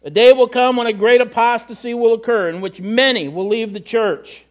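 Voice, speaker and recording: Middle-aged male pastor, high voice, chatty sermon style, slightly dull lo-fi sound. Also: steady tone, moderate pace. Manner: conversational, self-deprecating asides and repetitions.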